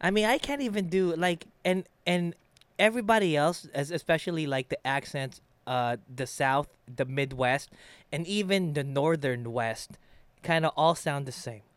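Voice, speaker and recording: A man's voice: a little high, normal speed, clear, resonant tone, no room sound. A man hosting a podcast, chatting casually with a guest, often laughing and stumbling over restarts. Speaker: podcast host.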